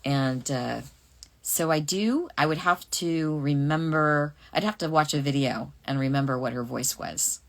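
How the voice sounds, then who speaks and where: Low-voiced woman chatting with fans. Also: measured pace, vocal fry. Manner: chatty, reading questions aloud and musing. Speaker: voice actress answering fan questions. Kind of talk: casual livestream Q&A.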